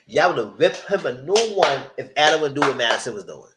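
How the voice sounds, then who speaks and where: A man's voice: medium pitch, big pitch swings, brisk, background noise. A man giving a casual live recap of a reality TV show, exasperated and blunt, ranting and swearing as he talks back to the cast.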